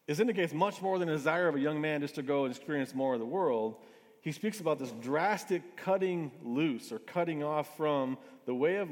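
A man preaching a sermon in a relaxed, conversational way, often restarting his phrases. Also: medium pitch. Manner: conversational, with frequent restarts and asides. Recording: reverberant hall.

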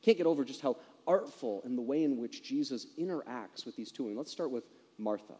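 A man's voice: mid-range voice, animated, brisk, warm tone, breathy edge, in a large hall. A man preaching a sermon in a conversational way, asking his listeners rhetorical questions.

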